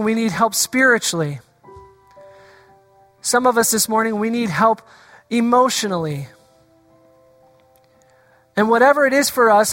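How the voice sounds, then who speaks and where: Woman pastor, altar call, earnest and pleading, higher pitch, soft music underneath. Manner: earnest, pleading, reads scripture slowly.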